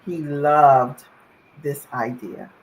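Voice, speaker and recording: A woman's voice: low voice, very slow, slight background noise, poor audio. A woman guest on an interview, earnestly recounting a family story in detail. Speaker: guest, mother.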